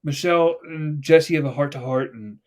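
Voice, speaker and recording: A podcast host with a fairly high, slightly mellow voice speaks at a moderate pace in a casual chat. He tells stories laced with swearing, acting out the characters' lines, and gets choked up.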